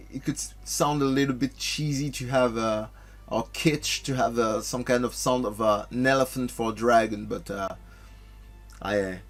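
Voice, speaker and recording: A man hosting a let's play, commentating casually in a halting way with many restarts and fillers. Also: medium pitch, gravelly. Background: game music.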